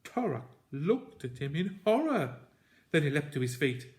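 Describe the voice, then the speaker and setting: A man reading a children's novel aloud in a slow, measured, deliberate way. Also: a little high, very animated, a little mellow. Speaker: audiobook reader. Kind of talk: storybook read-aloud narration.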